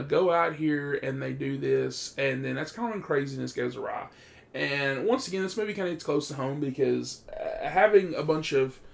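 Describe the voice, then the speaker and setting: A man giving a casual, profane movie review, excitable and animated, with loud bursts when he gets worked up. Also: medium pitch, gravelly.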